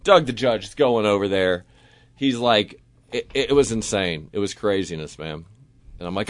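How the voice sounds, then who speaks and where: Radio host, man, animated storyteller, dry booth sound. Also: moderate pace, no echo. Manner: lively storyteller, acts out voices with big pitch jumps.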